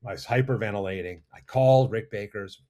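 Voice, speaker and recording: A middle-aged man, a makeup effects artist, telling animated, rambling stories as a guest in a casual interview. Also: on the low side, brisk. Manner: animated, rambling anecdotes with restarts. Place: studio or lounge.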